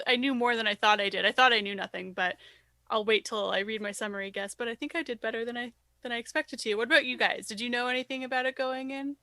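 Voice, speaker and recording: A woman's voice: fairly high pitch, sharp tone, no room sound. A woman co-hosting a podcast, chatting casually and hedging with frequent restarts. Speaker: podcast co-host. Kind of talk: casual chat.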